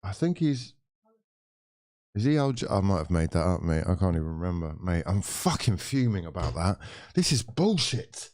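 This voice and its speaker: A young man rants through a live football watchalong, swearing constantly and exasperated with the players and officials. He has a deep, dark-toned voice, animated at a normal speed.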